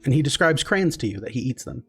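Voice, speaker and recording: Gravelly-voiced male game master. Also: medium pitch, a little fast, soft background music. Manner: relaxed, filler-heavy narration. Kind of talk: narrating a tabletop game.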